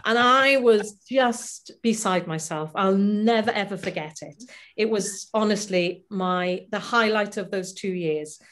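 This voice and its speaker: A middle-aged woman, a stage performer, telling lively anecdotes in a casual interview over a video call. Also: mid-range voice, measured pace. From Wales. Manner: animated, laughing anecdotes with acted-out quotes. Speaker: guest performer.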